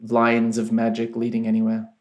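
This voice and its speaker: Acting as game master for a tabletop game, a man narrates at a measured pace, thinking aloud as he describes things. His mid-range voice is monotone with a darkish tone.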